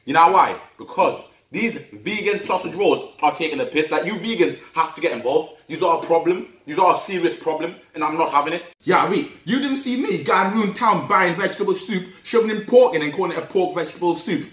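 Geordie guy ranting and swearing, bit high voice, sounds far off the mic in an echoey room. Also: expressive, a little fast, few pauses, fairly bright tone. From Africa. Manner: angry, profane ranting. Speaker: comic vlogger. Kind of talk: comic rant.

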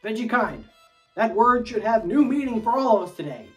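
A woman's voice: a little high, expressive, normal speed, far from the mic, soft background music, lightly acted. Woman doing a bombastic little veggie general. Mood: rousing. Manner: bombastic mock-epic speechmaking. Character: pompous little vegetable minion general rallying troops.

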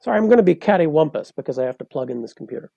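Man, podcast guest poet, professorial explaining, raspy fry in the voice, warm low tone. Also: lively intonation, very fast, no room sound, highs cut off. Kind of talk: interview conversation.

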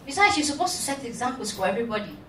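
A woman's voice: on the high side, very animated, racing, crowd noise. A woman acting in an amateur church drama, stern and preachy as she scolds a friend. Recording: echoey, distant mic with background noise.

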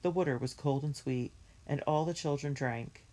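A woman reading a children's book aloud in a clear, measured storytelling manner. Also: sits low, warm tone. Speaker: reader.

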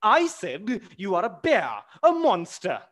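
A man's voice: high voice, huge pitch swings, measured pace, fairly bright tone, pitched above the performer's own voice, exaggerated voice. A man reading aloud as an indignant young widow who hurls scolding insults in a play reading. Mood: scornful. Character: indignant young widow, scornful and sharp-tongued.

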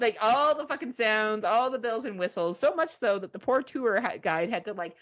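A woman co-hosting a podcast, telling a story in casual chat, animated and swearing, mimicking beeps. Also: fairly high pitch, normal speed, hardly any pauses, muffled recording. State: arm in a sling. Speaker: podcast co-host.

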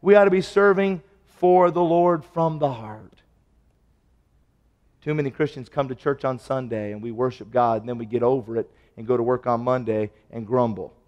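A man preaching a sermon, telling stories and acting out the dialogue, his voice swinging from loud to hushed. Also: medium pitch, moderate pace, in a large hall, lo-fi sound. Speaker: pastor. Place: church sanctuary.

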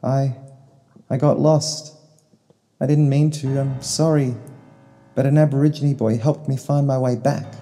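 Man doing a scared little girl voice, stammering, tearful, raised high, long reverb. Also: fairly even intonation, a little slow, long pauses, warm tone, natural voice. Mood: pleading. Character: frightened young girl, guilty and pleading. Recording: long reverb, faint guitar music.

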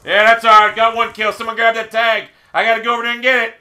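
A man ranting angrily while playing a video game, swearing constantly and often shouting. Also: extremely high pitch, flat delivery, quick pace. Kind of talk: angry gameplay commentary.

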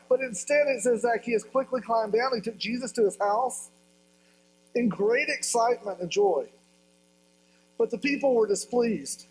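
A man's voice: high-pitched, animated, moderate pace, a little hiss or hum, low-quality recording. A male pastor giving a sermon, telling a story with humor and acting out voices.

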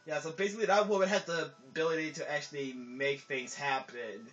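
A man's voice: on the high side, steady tone, a little fast, a bit bright. A man giving casual gameplay commentary, rambling, with lots of filler words, and often trailing off mid-sentence. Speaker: let's play commentator. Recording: dull lo-fi recording with game music under it.

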